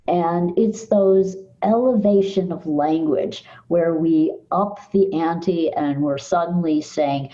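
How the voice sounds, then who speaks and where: An older woman psychologist, a podcast guest, calmly guiding listeners through mind-body exercises. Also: deep voice, muffled recording. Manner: calm, measured, guides listener through exercises. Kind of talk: podcast interview, explaining techniques.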